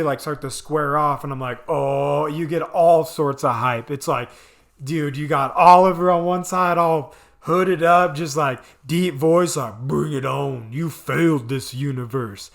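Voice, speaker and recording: Rambling, bright-voiced man. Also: on the high side. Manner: rambling, filler-heavy, enthusiastic. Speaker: video reviewer. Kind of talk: casual chat.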